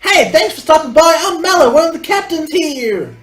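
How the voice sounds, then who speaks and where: Casting: man putting on a squeaky, bubbly teen girl cook for a game let's play, jumpy sing-song pitch. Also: sing-song, moderate pace, a bit bright, echoey room, full character voice. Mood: cheerful. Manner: perky, squealing high put-on voice.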